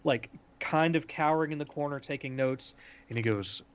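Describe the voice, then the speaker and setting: A man's voice: a little high, moderate pace, clean tone. A man narrating a tabletop game as game master, talking casually with lots of "like" and "um". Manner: casual, full of "like" and "um".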